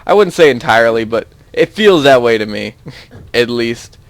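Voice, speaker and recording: A man's voice: mid-range voice, animated, normal speed, dry recording. Rambling young man commentating gameplay. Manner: rambling, easily sidetracked, chuckling often. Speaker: gaming YouTuber.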